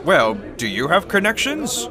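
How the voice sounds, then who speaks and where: A man's voice: wildly swooping pitch, measured pace, music in the background, exaggerated voice. A man voicing a theatrical, polite half-dragon man in improvised role-play, speaking grandly and formally. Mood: earnest. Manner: grandly formal, swoops between high and low.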